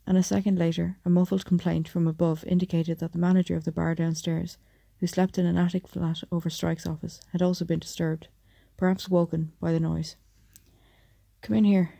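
A woman reads an audiobook at a measured, steady pace. Her voice is very dark and gravelly, and she sits low with a flat, even delivery. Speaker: audiobook narrator. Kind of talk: audiobook narration.

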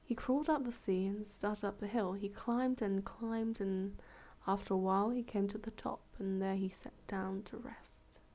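Telling a fable in a laid-back, conversational way, this woman adds offhand asides and self-corrections. She speaks at a medium pitch and moderate pace, hardly pausing.

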